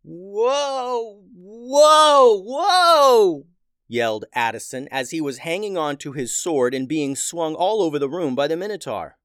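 A man narrating a children's adventure story in a steady, plain way. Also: a little high, fairly quick, few pauses, no room sound, studio quality.

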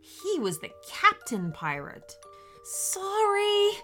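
A woman reading a children's story aloud in a gentle, expressive way, with faint music behind her. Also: on the high side, slow. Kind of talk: scripted children's story narration.

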